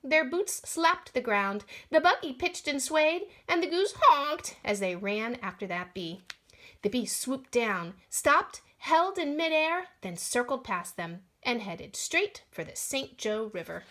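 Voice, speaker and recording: A woman reading a children's storybook aloud in an expressive manner, voicing the sound effects along the way. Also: high voice, unhurried.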